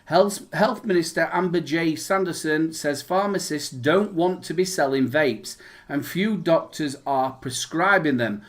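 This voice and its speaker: A man's voice: a little high, unhurried. A Northern English man co-hosting a casual podcast chat, rambling with restarts and reading news aloud. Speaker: podcast co-host.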